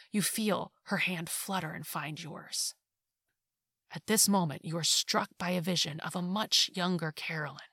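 A woman reading a second-person short story aloud in a hushed, intimate way that often drops to a whisper. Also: lowish voice, no room sound, clean studio sound. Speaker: story narrator.

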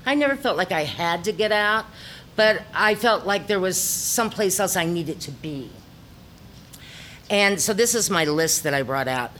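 Middle-aged woman, Ozark accent, lower voice, reflective storyteller with ums, faint room hum. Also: animated, normal speed, a bit bright. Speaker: theater director. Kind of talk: personal talk to an audience.

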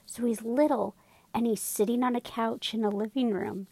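A woman chatting casually as a podcast co-host, telling animated stories that swing from hushed asides to big laughs. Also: on the high side, moderate pace, dry recording. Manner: animated storyteller, drops to whispers and bursts into laughter. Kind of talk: casual chat.

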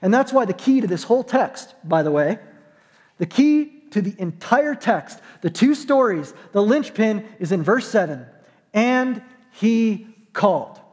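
A man's voice: sits high, sing-song, a little slow, a little mellow, big-room sound. A man preaching a sermon as pastor, conversational and emphatic, with dry self-deprecating jokes.

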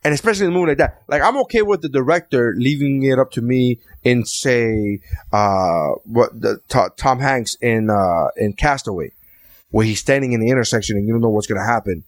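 A man's voice: medium pitch, fairly quick, no echo, clean studio sound. A man co-hosting a casual podcast chat about films, blunt and opinionated, swearing freely. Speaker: podcast co-host.

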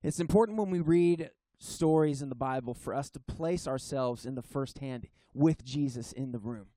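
A male pastor delivers a sermon at a church service, earnest and emphatic, slowing on key phrases and now and then restarting sentences. His voice is medium-pitched and mellow, with no echo.

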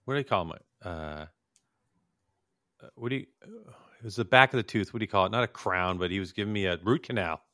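A man's voice: on the low side, fairly quick, pauses often, sharp tone, no echo, clean studio sound. A man co-hosting a podcast, chatting casually and teasing with jokes. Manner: joking, teasing banter. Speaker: podcast co-host. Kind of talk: casual chat.

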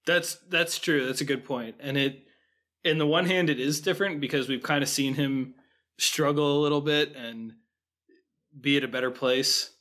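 A man's voice: fairly high pitch, steady tone, moderate pace, bright, forceful tone. A man co-hosting a podcast, chatting casually about a film and thinking aloud with restarts and fillers. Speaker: podcast co-host.

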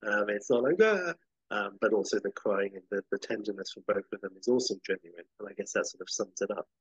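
A man's voice: lowish voice, fairly even intonation, fast, husky, no echo, muffled recording. A man co-hosting a podcast, chatting casually in a thoughtful, hesitant way. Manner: thoughtful, hesitant, with many ums. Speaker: podcast co-host. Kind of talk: casual chat.

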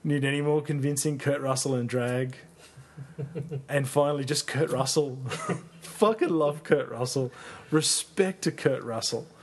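A man's voice: medium pitch, a little slow, slight background noise. A man co-hosting a podcast, gushing about a film in enthusiastic, profane, playful casual chat. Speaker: podcast co-host.

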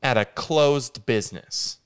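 A man telling a funny true story in a deadpan, casual way. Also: mid-range voice, slow, smooth. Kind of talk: casual spoken anecdote.

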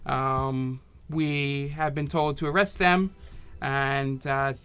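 A man's voice: medium pitch, steady tone, slow pace, a bit bright, smooth. A man voicing a female representative who speaks formally and officially in a tabletop game.

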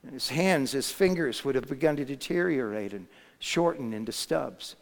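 A man preaching, retelling a Bible story with frequent restarts, swelling loud at dramatic moments and sinking to a hush. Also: mid-range voice, expressive, normal speed, gravelly, big-room sound. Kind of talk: sermon storytelling.

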